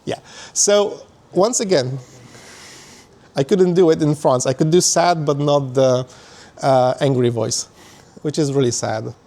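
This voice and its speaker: A man's voice: a little high, unhurried, gravelly, mellow. Man giving a technical meetup talk. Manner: explanatory, with frequent fillers and restarts. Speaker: conference speaker. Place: meetup venue.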